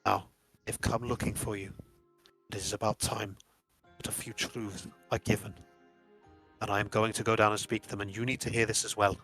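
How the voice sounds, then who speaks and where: A man's voice: lowish voice, flat delivery, a bit bright, faint music behind. A man voicing a stern, formal Nordic warrior. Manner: measured, formal, grave. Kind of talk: tabletop game character voice.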